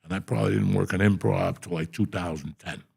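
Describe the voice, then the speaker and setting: A middle-aged man telling profane, animated stories on a podcast. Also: deep voice, fairly quick, creaky, slightly rough. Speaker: podcast host. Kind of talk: casual storytelling.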